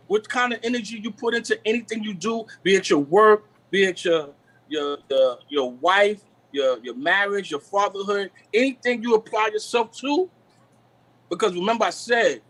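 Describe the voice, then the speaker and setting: Guy lecturing on a live stream call, kinda high voice, preachy. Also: fairly bright tone, poor audio. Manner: preachy, repeats "you know what I'm saying". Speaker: guest. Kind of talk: live stream talk on word meanings.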